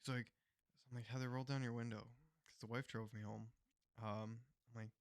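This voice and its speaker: A man's voice: mid-range voice, moderate pace, long pauses, dry recording. Profane storytelling man, dry close mic. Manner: profane storytelling with animated quotes. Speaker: podcast co-host. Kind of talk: casual chat.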